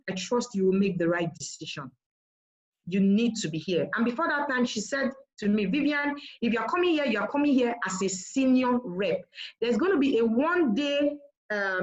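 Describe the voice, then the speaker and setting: Animated woman telling a story, lo-fi. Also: on the high side. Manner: animated, quotes others in raised voice. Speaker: marketing director sharing her business story. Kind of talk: storytelling talk. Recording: dull lo-fi sound.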